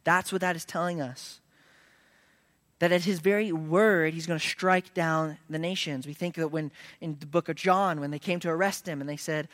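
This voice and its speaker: A man preaching a sermon, moving between casual asides and loud, emphatic declarations, at times dropping to a hush. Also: on the high side, steady tone, moderate pace, no echo, studio quality. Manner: conversational preaching that swings from hushed to loud and emphatic. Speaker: pastor.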